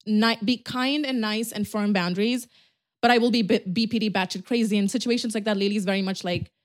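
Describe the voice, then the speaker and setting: A young woman co-hosting a podcast, talking candidly in a rambling, animated way about her own thoughts and habits. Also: mid-range voice, fairly quick. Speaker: podcast co-host. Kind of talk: casual chat.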